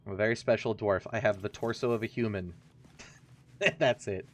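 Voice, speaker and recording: Playing a video game on stream, a man offers casual, rambling let's-play commentary that is jokey and pokes fun at himself. His voice is lowish and his speed normal, with slight background noise.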